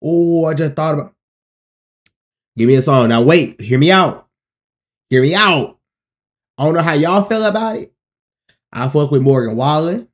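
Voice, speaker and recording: Casual reaction host, man, animated and slightly high voice, repeats lines while laughing. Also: normal speed, long pauses. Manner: excitable, loud laughing, repeats himself. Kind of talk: casual album reaction commentary.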